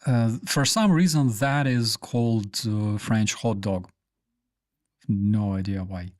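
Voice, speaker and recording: Unhurried man chatting on a stream. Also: on the low side. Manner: rambling, lots of fillers and restarts. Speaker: live stream host. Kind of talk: casual live stream chat.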